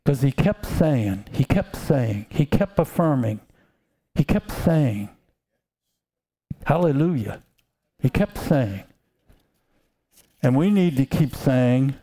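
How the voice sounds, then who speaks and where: Slow-speaking male preacher, mellow tone. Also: medium pitch. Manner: slow, emphatic, calls out to congregation. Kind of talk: sermon.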